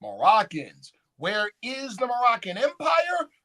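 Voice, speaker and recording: A man's voice: extremely high pitch, unhurried. A man giving a lecture at a conference, often checking in with the audience with questions. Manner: animated, call-and-response questions. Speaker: conference speaker. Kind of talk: lecture with slides. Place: conference hall.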